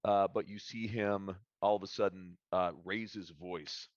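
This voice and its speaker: A man with a fairly low voice runs a tabletop game, narrating haltingly with plenty of filler sounds. The sound is dull and dry, like a modest home stream. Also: fairly even intonation, dry recording. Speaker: game master.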